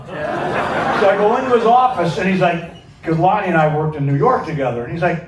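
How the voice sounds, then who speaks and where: A man, a former radio engineer, telling a lively anecdote on stage at a music venue and acting out the people he quotes. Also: sits high, brisk, slight background noise. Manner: animated storyteller who acts out the people he quotes. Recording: echoey room, picked up from a distance.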